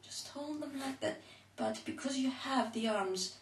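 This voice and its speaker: A woman leading a home tummy workout, counting out the repetitions as she does them and a little out of breath. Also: high voice. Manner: slow, counting out repetitions while exercising. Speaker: home exercise instructor. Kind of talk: counting through a workout demonstration. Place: room at home. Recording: echoey room, mic far off.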